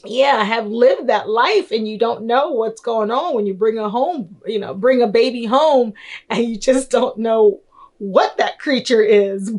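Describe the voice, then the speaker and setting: A young woman chatting loosely through a film review, rambling with lots of fillers and giggles. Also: fairly high pitch. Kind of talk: casual film review chat.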